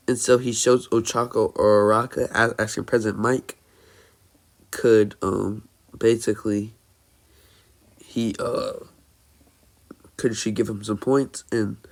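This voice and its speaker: A man improvising a fan-fiction story as narrator, halting often with fillers and restarts. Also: mid-range voice.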